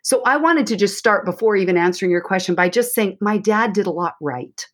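Husky-voiced woman therapist coaching dads. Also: mid-range voice, brisk. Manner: chatty, animated, coaching tone. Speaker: therapist and author, guest. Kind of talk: advice-giving podcast interview. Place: Portland, Oregon.

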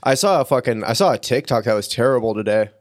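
A man's voice: medium pitch, animated. A man co-hosting a podcast, chatting casually and crudely, telling an anecdote full of swearing and laughter. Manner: profane, storytelling, quick to laugh. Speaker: podcast co-host.

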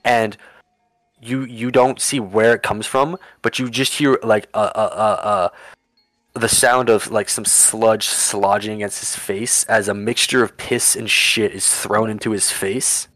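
Man, game master, low voice, halting narration, dry sound, faint music. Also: fairly even intonation, a bit bright, no echo. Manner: halting, many restarts and fillers.

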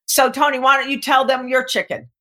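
A middle-aged woman speaking as a guest coach on a podcast, animated and emphatic, often acting out voices. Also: sits high, fairly quick. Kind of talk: podcast interview, coaching talk.

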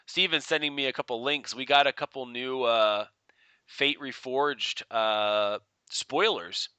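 A man co-hosting a podcast in a very bright, crisp, smooth voice, recorded close and dry. He rambles through stories with many fillers and breaks into laughter often. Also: mid-range voice, unhurried, no echo. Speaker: podcast co-host. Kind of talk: casual podcast chat.

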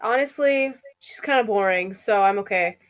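A woman's voice: medium pitch, normal speed. A woman in her twenties co-hosting a casual podcast chat. She laughs often and slips into joking put-on accents. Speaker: podcast co-host.

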